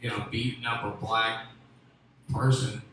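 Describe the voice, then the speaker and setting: A man from Memphis doing a stand-up comedy set, rambling and restarting, with loud bursts on his punchlines. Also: on the low side, little pitch movement, unhurried. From Memphis, USA. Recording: echoey room with faint ambient noise.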